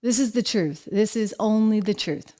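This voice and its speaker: A middle-aged woman hosting her own show, talking in a chatty, upbeat monologue full of lively asides. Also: mid-range voice, normal speed. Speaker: show host. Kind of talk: casual monologue to camera.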